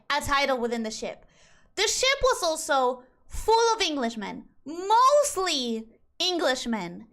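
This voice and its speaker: Very high-pitched, bright streamer woman. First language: Spanish. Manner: chatty, animated and rambling. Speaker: VTuber streamer. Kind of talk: casual game-stream chat.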